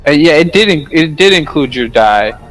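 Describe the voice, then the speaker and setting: A man with a slightly high, very lively voice chats casually as a tabletop player, joking about rules and laughing easily. Faint music sits behind the voice chat. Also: moderate pace. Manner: joking, excitable, laughs often.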